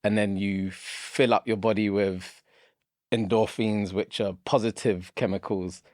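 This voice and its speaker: A man hosting a podcast in a calm, low voice, giving short affirmations and measured explanations. The recording is dry and close to the mic. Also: dry recording. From United Kingdom. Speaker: podcast host. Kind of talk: casual podcast conversation.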